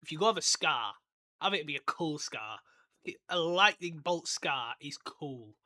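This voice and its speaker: A chatty man hosts a casual book podcast and rambles through his thoughts with plenty of laughs. His voice sits a little high and sounds bright and clear. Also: expressive, a little slow. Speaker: podcast host. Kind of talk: casual book discussion with read-aloud passages.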